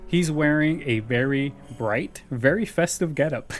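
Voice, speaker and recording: A man's voice: fairly high pitch, measured pace, faint music behind. Chatty man laughing through a recap. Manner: laughs often while retelling scenes. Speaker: podcast host recapping a sitcom. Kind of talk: casual chat.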